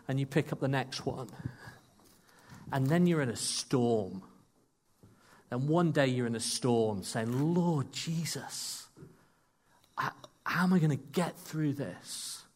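A man delivering a sermon in an animated storytelling manner. He breaks off for self-deprecating asides, and his voice sits at an ordinary middle pitch. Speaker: preacher.

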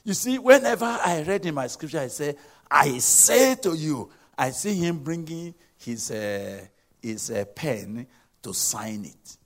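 Man preaching slow and emphatic, pitch jumping all over, repeats his lines. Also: animated. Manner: emphatic, swings between loud exhortation and hushed asides, repeats phrases. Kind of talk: sermon.

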